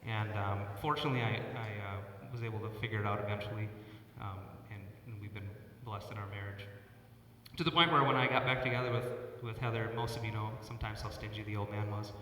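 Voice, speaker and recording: Man giving a halting eulogy in an echoey church. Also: on the low side, fairly even intonation, bright, forceful tone, a little hiss or hum. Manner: halting, often repeats words; personal storytelling. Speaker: eulogist, son of the deceased; church worship leader. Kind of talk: funeral eulogy. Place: church sanctuary. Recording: echoey church hall from far off.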